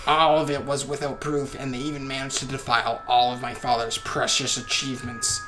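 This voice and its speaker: A bitter older doctor with a goblin's voice, as a man puts him on, formal and stiff, speaking at a middling pitch. Faint music plays behind him. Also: level tone, brisk, bright, forceful tone, lightly acted. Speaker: podcast co-host reading a game aloud.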